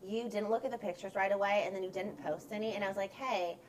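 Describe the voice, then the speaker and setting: A woman's voice: mid-range voice, fairly even intonation, quick pace, slight background noise, low-quality recording. A woman in her thirties, a photographer guest on a podcast, openly telling stories about her kids in casual chat. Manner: open, warm storytelling about her kids.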